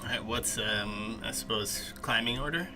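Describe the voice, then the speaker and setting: A man narrating as game master of a tabletop game, pausing often with fillers as he describes the scene. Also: on the low side, pushed and bright, faint music behind. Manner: hesitant, many fillers.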